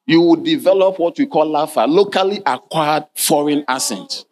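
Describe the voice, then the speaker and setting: A male pastor preaching in church, his voice sitting a little high for a man. He reads scripture in archaic King James wording and keeps calling "Hallelujah" and asking his listeners questions. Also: normal speed, very noisy. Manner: preaching, punctuated by frequent "Hallelujah" and direct questions to the congregation. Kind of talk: sermon.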